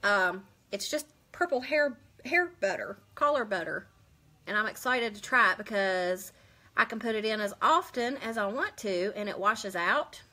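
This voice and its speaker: A woman's voice: medium pitch, expressive, moderate pace, sharp tone. A woman, chatting casually on a live stream, rambling and answering viewers' comments. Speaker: beauty vlogger hosting a live stream.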